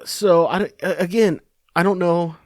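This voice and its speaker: A man's voice: sits high, fairly even intonation, moderate pace, no echo, studio quality. A man hosting a podcast, giving casual political commentary in a rambling, sarcastic, profane way. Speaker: podcast host.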